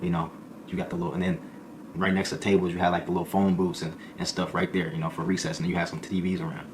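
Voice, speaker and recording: Fast-talking deep-voiced man telling a story. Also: gravelly, noisy background. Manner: fast slangy storytelling, acts out voices of others. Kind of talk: casual storytelling.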